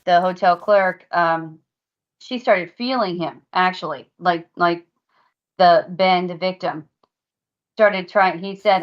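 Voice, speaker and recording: A woman with a low voice recounts psychic impressions to her co-hosts in an earnest, drawn-out way. Her casual podcast talk comes through as dull, lo-fi audio. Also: fairly even intonation. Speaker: paranormal podcast co-host.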